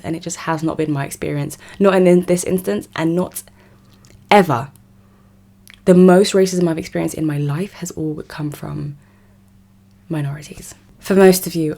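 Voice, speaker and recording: A woman's voice: sits low, dark tone. A young woman from South West London with a South London English accent, giving emphatic, incredulous commentary straight to her viewers. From South West London, England. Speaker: vlogger. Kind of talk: casual commentary to camera.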